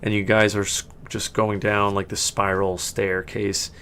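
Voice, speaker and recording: A man with a lowish, fairly flat voice runs a tabletop game as game master, talking a little slowly with a slightly bright tone over faint hiss or hum. His narration rambles, packed with fillers and restarts, and he laughs often.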